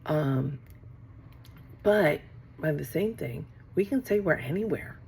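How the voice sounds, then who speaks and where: A woman's voice: low voice, animated, slow, gravelly, darkish tone, slight background noise. A middle-aged woman talking casually to camera from her office, rambling and acting out conversations she has had. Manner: rambling, acts out quoted exchanges. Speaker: vlogger.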